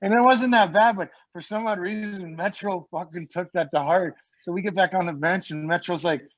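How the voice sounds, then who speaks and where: A man with a slightly high voice tells rambling stories as a podcast guest. He swears freely and acts out other people's lines as he goes. The recording sounds dull and lo-fi. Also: moderate pace, few pauses, a bit bright. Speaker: guest, former pro hockey player. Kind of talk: casual podcast storytelling.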